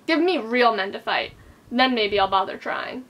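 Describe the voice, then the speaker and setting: A woman's voice: on the high side, animated, moderate pace, fairly bright tone. A woman reading aloud the cold, scornful lines of a fierce young female assassin from a book.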